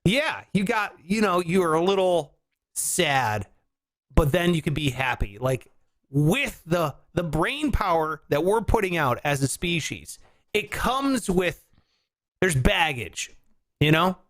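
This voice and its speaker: A man hosting a podcast, riffing in casual comic chat, rambling and breaking into shouts for bits. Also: a little high, big pitch swings, takes it slowly. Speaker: podcast host.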